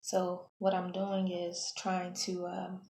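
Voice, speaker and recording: A woman hair vlogger talking through her wash-day routine in a relaxed, chatty way, often correcting herself mid-sentence. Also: lowish voice, slow pace. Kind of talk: casual how-to vlog. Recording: echoey room, faint background hum.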